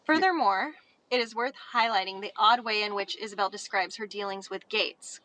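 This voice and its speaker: A woman's voice: mid-range voice, normal speed, pushed and bright, poor audio. A woman co-hosting a podcast, reading an article aloud between casual remarks. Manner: laughs often, reads steadily. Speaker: podcast co-host.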